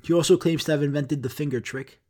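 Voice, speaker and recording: A man's voice: on the high side, steady tone, quick pace, dark tone. A man hosting a podcast, ranting in a rambling, profane and self-mocking way. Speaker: podcast host. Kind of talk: casual podcast rant.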